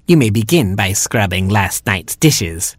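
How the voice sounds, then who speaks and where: A man voicing a greedy old female porcupine who drawls, gloats and snaps, with a husky, dry sound. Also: on the low side, animated, no echo. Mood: greedy scheming. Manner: gloating, drawn-out, snappish.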